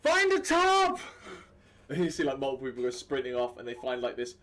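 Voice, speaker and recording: A Welsh-accented man with a mid-range voice talks very fast while narrating and running a tabletop game as dungeon master. His style is relaxed and rambling, full of fillers.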